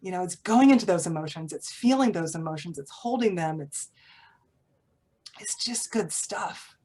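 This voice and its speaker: A woman giving an inspirational talk as a spiritual teacher, conversational and animated, often laughing. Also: on the low side, normal speed, slightly rough.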